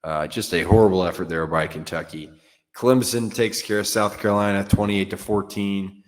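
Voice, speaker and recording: Deep-voiced man hosting casual sports talk. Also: fairly even intonation, normal speed, in a large hall. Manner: frank, offhand, with fillers and mild cursing. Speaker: sports podcast host. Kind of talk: casual solo sports commentary.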